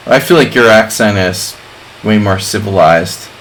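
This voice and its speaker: A man's voice: lowish voice, measured pace, a bit bright, poor audio. A middle-aged man streaming chess, chatting casually in a rambling way with lots of fillers. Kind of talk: casual live-stream chat.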